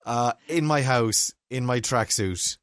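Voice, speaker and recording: A man with an Irish accent tells a story in a loose, chatty way, laughing often and now and then breaking into a shout. His voice sits at an ordinary pitch for a man. The recording is close and dry. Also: slow pace, no room sound. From Ireland (County Mayo). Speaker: podcast co-host. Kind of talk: casual chat.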